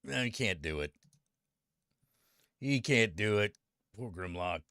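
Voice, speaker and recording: A man's voice: on the low side, animated, slow pace, a bit bright, clean tone, no room sound, clean studio sound, soft background music. A man live-streaming and chatting with viewers, ranting with a lot of swearing and greeting people by name. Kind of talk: casual live-stream chat.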